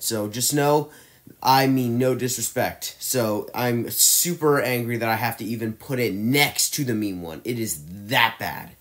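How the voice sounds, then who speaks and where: A man ranking movies in a casual, opinionated monologue, ranting and exasperated, often restarting his sentences. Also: fairly low pitch. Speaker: movie reviewer.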